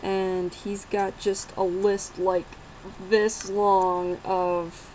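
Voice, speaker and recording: Young woman, casual vlog storytelling, unhurried and frank, faint background hiss. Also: mid-range voice, flat delivery, darkish tone, poor audio. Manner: unhurried, rambling, swears and laughs while telling.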